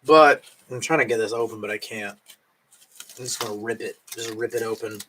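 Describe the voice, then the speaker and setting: A drunk man chats loosely on a late-night live stream, his voice bright and forward. He rambles from one thought to the next, swearing often and chewing food as he talks. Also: on the low side, brisk, slight background noise, rough recording.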